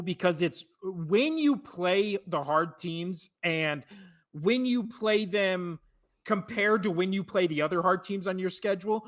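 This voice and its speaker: A young man co-hosting a podcast in casual chat, talking fast, swearing freely and laughing often. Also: high-pitched, a bit bright. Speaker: podcast co-host.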